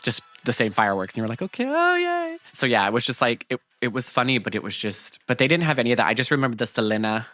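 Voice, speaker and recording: A man's voice: mid-range voice, very fast, hardly any pauses, bright, forceful tone, no room sound, clean studio sound, faint music behind. A man co-hosting a movie podcast, who recaps scenes in a giggly, rambling casual chat. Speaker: podcast co-host.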